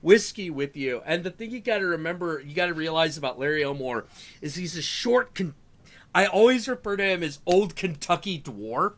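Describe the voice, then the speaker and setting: A man hosting a live stream, telling animated casual stories with frequent swearing and stammered restarts. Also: on the high side, fairly quick. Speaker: show host.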